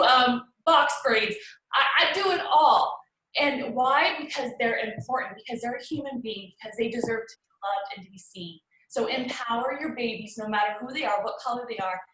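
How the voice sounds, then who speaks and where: A woman giving an earnest, heartfelt personal testimony as a guest on a group call, pausing and restarting often. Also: high voice, a bit bright, reverberant, rough recording. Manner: earnest, pleading, with frequent pauses and restarts.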